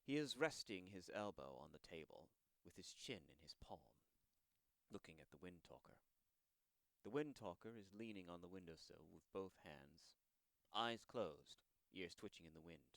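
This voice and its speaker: A man's voice: low voice, lively intonation, normal speed, gravelly, fairly bright tone, dry recording. A man narrating the scene action in a plain, descriptive way.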